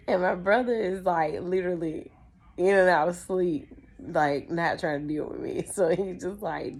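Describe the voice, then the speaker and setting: A young woman, hosting a podcast and telling a childhood story in a casual, animated way, often calling her listeners "y'all". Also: on the low side, moderate pace. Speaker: podcast host.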